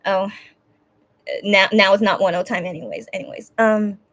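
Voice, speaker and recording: A woman's voice: medium pitch, steady tone, moderate pace, fairly bright tone, dry recording. A young woman hosting a casual livestream chat. She hesitates and restarts often and sounds close to tears. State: teary, on the verge of crying. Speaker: livestream host.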